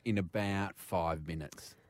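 A man's voice: sits low, unhurried, no room sound. An Australian man in his thirties, a radio host telling a story in casual chat and acting out what people said. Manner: animated, acts out people's lines as he tells the story.

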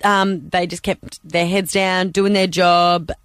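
A woman's voice: on the low side, little pitch movement, takes it slowly, clear, resonant tone, no room sound. Playful Australian woman radio co-host. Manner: laughing, defensive, playful. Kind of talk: casual on-air banter.

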